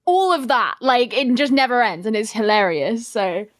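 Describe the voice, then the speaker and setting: A woman's voice: on the high side, normal speed, dry recording, clean studio sound. A woman co-hosting an esports talk show as a commentator, chatty and keen, swearing casually.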